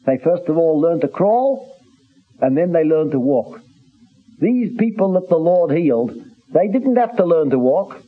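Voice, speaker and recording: A man preaching a sermon in an earnest, halting way, with many restarts, reading scripture in old-fashioned phrasing. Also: a little high, sing-song, breathy edge. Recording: tinny phone-like recording.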